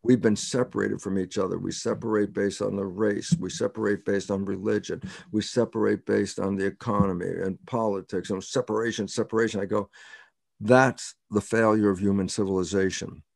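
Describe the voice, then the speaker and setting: Gravelly, low-voiced older man explaining. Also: little pitch movement, brisk, darkish tone, dry recording, studio quality. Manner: emphatic, repeats key words, quotes himself with "I go". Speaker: interview guest, scientist. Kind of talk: explanatory interview talk.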